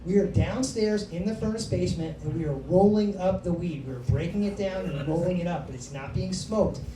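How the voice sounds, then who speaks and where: A woman's voice: on the low side, moderate pace, warm tone, slight background noise. A woman in her thirties doing stand-up comedy, telling a story in a brash, profane, hyped-up way. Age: 30s. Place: comedy club stage. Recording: roomy club sound from a distance.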